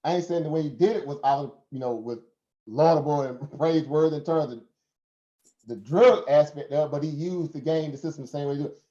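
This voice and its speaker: A man's voice: a little high, brisk, warm tone. Southern American man preaching on a live stream. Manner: preachy, rhetorical questions, laughs often. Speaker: host. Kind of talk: casual live stream talk. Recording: roomy, dull lo-fi stream audio.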